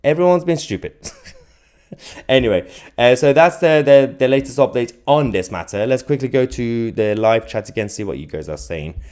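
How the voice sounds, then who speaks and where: A man hosting a live political stream, reading out chat comments with a sarcastic, animated manner and frequent laughs. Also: mid-range voice, moderate pace, clean tone.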